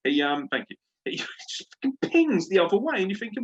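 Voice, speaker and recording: A man's voice: high voice, big pitch swings, quick pace, few pauses. A man hosting a sports podcast, ranting and swearing at a refereeing decision in casual chat. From Britain. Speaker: podcast host. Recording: dull lo-fi podcast audio.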